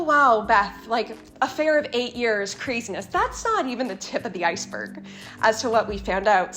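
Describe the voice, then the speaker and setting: A young woman, telling a personal family story as an interview guest in a candid, emotional way with some swearing. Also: medium pitch. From Canada.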